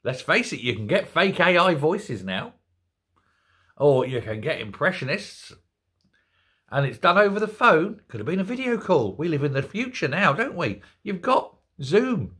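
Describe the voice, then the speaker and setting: An older man hosting an opinion commentary show, ranting in an animated, incredulous way. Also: fairly high pitch, normal speed, slightly rough. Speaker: host.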